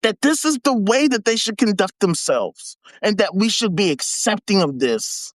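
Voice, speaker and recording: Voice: medium pitch, sing-song, measured pace, long pauses, a bit bright, no echo. Profane mocking livestream ranter. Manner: profane, mocking, laughs between rants. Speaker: livestream host. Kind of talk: live commentary reading an article aloud. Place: home setup for a live video.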